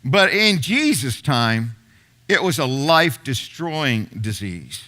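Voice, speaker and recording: A middle-aged man preaching a sermon as pastor, telling the story with repeated phrases and sudden hushed moments. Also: mid-range voice, big pitch swings, slow.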